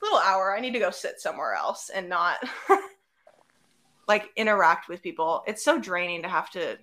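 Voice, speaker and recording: Young woman co-host just chatting, bright forceful voice, tells stories by doing everybody's lines. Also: on the low side, moderate pace. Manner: animated storytelling, acting out quotes. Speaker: podcast co-host. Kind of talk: casual chat.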